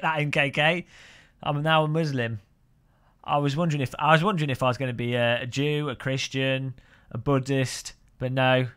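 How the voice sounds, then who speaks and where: A man's voice: medium pitch, steady tone, moderate pace, fairly bright tone, clean tone. A man streaming sim racing, chatting and joking with viewers and often laughing. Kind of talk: casual live-stream commentary while sim racing.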